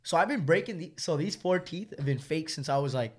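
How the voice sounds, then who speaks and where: A man's voice: on the high side, expressive, a little fast, husky. A young man telling a story to friends in casual chat, swearing often and using lots of fillers, laughing as he goes.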